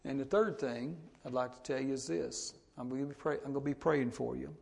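A middle-aged man preaches in a gravelly voice. He tells a story plainly and earnestly, then turns to exhort the congregation. His pitch sits in the ordinary middle range for a man. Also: a little fast, a little mellow. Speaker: pastor. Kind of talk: sermon.

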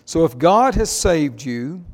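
A man preaching a sermon at a slow, deliberate pace. His voice sits a little higher than most men's. He presses each point home and checks in with his listeners. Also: big pitch swings. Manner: slow, emphatic preaching with call-and-response "Amen?". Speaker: pastor.

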